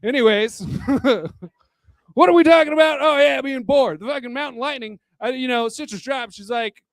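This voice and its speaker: Tipsy male stand-up comic with a high voice, crude and rambling, chuckles at his own jokes into a dry handheld mic. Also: moderate pace, no echo. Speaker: stand-up comedian. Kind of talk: stand-up comedy set. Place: bar hosting a live comedy night. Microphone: handheld microphone.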